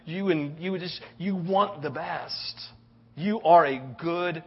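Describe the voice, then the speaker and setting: A man's voice: on the high side, slow, breathy edge, dull audio. A man in his thirties preaching a sermon, telling a story animatedly and often asking "right?". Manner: animated storytelling, tag questions. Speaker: pastor.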